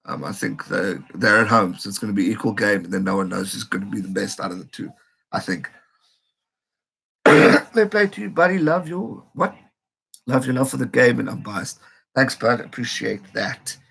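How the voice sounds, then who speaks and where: A man from South Africa hosting a live rugby reaction stream, excitable and reading viewer comments aloud. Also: on the low side, a little fast, creaky, breathy edge.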